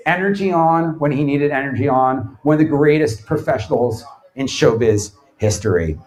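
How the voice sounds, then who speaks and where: A man's voice: medium pitch, normal speed, rough recording. A man giving a comic live lecture to an audience, telling stories and mimicking the people in them. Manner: animated storyteller, mimics others' voices. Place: bar event space before a live audience.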